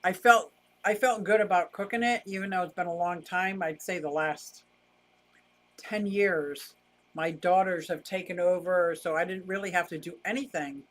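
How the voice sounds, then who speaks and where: A woman's voice: lowish voice, steady tone, moderate pace. Older woman, livestream host, talkative, wry ranter. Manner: chatty, wry, laughs easily, rants about costs. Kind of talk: casual livestream chat reading viewer comments.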